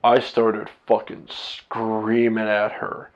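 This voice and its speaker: A man's voice: medium pitch, steady tone, moderate pace, few pauses, a little mellow, dull audio. A man talking candidly to his own camera, blunt and profane, rambling with restarts as a husband and father. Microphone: camera set up by himself.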